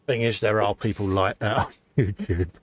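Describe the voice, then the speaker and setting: A man's voice: on the low side, moderate pace. A laid-back British man co-hosting a live painting stream, mostly giving short replies and laughing along. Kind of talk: casual chat while painting.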